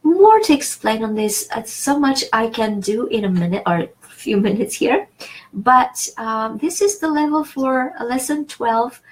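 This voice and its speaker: A woman's voice: a little high, expressive, a little slow, poor audio. A woman teaching a French lesson in English, explaining patiently with many fillers and restarts. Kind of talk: online language lesson.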